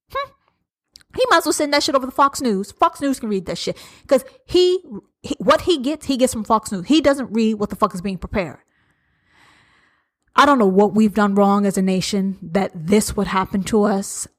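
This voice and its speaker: A woman's voice: on the high side, expressive, moderate pace, a bit bright. A woman hosting a podcast, delivering a heated, profane, sarcastic political rant. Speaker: podcast host.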